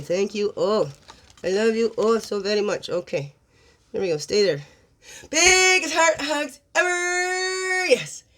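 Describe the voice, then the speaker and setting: A woman's voice: sits low, a little mellow. A woman hosting a daily spiritual card reading, reflective and encouraging, asking her listeners many questions. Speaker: spiritual guidance host.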